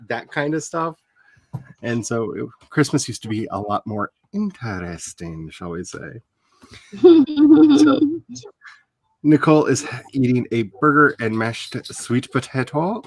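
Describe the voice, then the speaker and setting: A man's voice: medium pitch, slow, pauses often, breathy edge, dry recording. A man hosting a casual writing livestream, telling stories with lots of laughter and turning tender as he reminisces. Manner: animated storytelling, laughs often; turns tender and emotional when reminiscing. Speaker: author and stream host.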